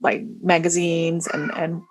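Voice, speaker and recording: A chatty woman co-hosting a podcast, her voice sitting a little low. She talks casually and keeps restarting her sentences as she goes. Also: measured pace. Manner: chatty, animated, many restarts and fillers. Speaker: podcast co-host. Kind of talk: casual chat.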